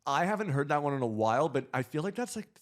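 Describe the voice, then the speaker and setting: A man co-hosting a podcast, joking in an animated way in casual chat and swearing casually. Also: a little high, quick pace. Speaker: podcast co-host.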